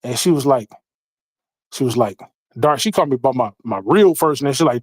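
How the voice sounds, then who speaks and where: A man telling a casual, animated story on a podcast, swearing and acting out quotes in a raised voice. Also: mid-range voice, moderate pace, no echo, studio quality. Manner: profane, repetitive restarts. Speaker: podcast co-host. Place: home basement studio.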